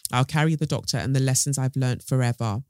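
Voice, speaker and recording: A man's voice: mid-range voice, quick pace, clean tone, no echo, clean studio sound. A man hosting a podcast, reading news aloud and adding playful, rambling asides. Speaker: podcast host.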